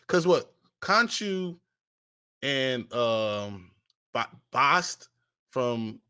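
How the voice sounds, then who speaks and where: A man co-hosting a podcast, chatting casually about a TV episode, often pausing to search for words. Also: mid-range voice, very animated, pushed and bright, clear, resonant tone, dry recording, clean studio sound. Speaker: podcast co-host. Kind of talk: casual recap chat.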